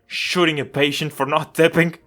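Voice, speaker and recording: A man voicing an anguished, furious young man in a chatbot role-play, shouting in outrage over faint music. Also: a little high, little pitch movement, moderate pace, close to an everyday voice.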